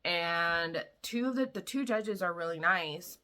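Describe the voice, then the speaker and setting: A woman vlogger casually recapping a novel, chatty and full of "like" and "you know", quietly acting out the characters' lines. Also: fairly low pitch, unhurried. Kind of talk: casual book summary.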